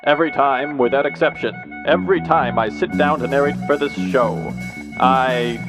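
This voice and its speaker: Sheepish man over loud guitar music. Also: mid-range voice, normal speed, rough recording. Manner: apologetic, mock-sheepish. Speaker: narrator. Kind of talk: comic confession.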